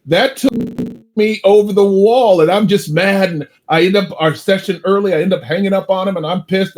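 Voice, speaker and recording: A man in casual group talk, telling a personal story with lively, acted-out quotes. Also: sits high. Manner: animated storytelling, acts out his own angry quotes. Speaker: sales coach.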